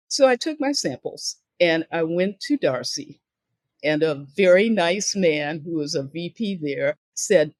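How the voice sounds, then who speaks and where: A woman's voice: low voice, a little slow, darkish tone, no echo. An older woman, a guest on a podcast, tells stories from her career and acts out the voices of the people she quotes. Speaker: guest speaker and author. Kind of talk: storytelling in a podcast interview.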